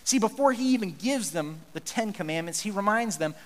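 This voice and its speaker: Pastor guy preaching, high voice, lots of restarts, long hall echo. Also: lively intonation, a little fast, few pauses. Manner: earnest, conversational, frequent restarts. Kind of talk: sermon.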